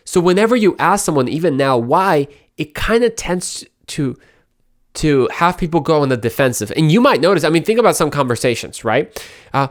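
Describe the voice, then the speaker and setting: A man with a slightly high voice talks earnestly to his audience in a casual advice style. He often trips over and repeats his words, then slows down to act out little example lines of dialogue. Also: animated. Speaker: podcast host. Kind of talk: casual advice talk to camera.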